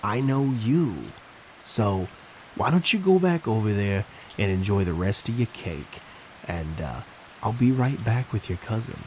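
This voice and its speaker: A man's voice: lowish voice, lively intonation, a little slow, darkish tone, slight background noise, poor audio. A man voicing a creepy male party clown with a thick New York accent, coaxing and wheedling.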